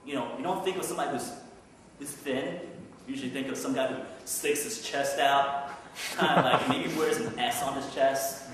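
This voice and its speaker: A man's voice: mid-range voice, moderate pace, very noisy. A man pastor preaching a sermon in a church sanctuary, asking rhetorical questions with conversational asides, heard from far off. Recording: echoey church hall from far off.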